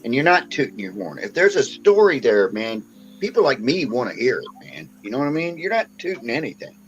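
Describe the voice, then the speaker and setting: A man speaks on a livestream panel in an encouraging, emphatic way. His pitch moves a lot, and his dull, lo-fi online audio sits over background music. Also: sing-song, fairly quick. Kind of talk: casual livestream chat.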